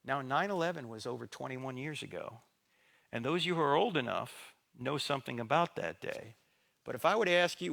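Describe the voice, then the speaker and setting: Animated, bright-voiced man giving a church talk. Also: mid-range voice, a little fast, vocal fry. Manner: dramatic, acts out dialogue, sarcastic humor. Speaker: guest speaker. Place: church sanctuary.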